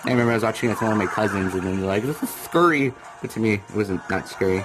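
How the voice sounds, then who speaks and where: A young man rambling through casual gameplay commentary, now and then bursting into comic yells. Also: on the low side, fairly even intonation, racing, poor audio. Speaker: let's play gamer. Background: video game music.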